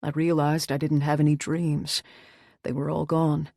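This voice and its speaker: A woman voicing a troubled male rockstar who speaks softly in a subdued, confessional tone, in an audiobook. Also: flat delivery, unhurried, gravelly, dry recording, clean studio sound, heavily acted. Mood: hushed. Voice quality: soft, low and subdued. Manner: quiet, confessional. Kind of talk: audiobook character voice.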